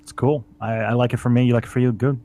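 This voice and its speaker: A man's voice: mid-range voice, steady tone, quick pace, warm tone. A man co-hosting a casual podcast, wisecracking at the others. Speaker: podcast co-host. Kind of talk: casual live podcast chat.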